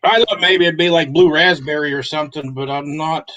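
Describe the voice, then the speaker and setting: A man's voice: a little high, brisk, sharp tone, dull audio. A man co-hosting a casual live stream, joking and cursing as he reads a snack's ingredient list.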